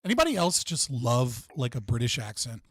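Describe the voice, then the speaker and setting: A man's voice: medium pitch, big pitch swings, brisk, no echo, clean studio sound. A young American man hosting a livestream chat, rambling and filling his talk with "like". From United States. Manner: rambling, heavy on fillers like "like". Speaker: livestream host. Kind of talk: casual chat.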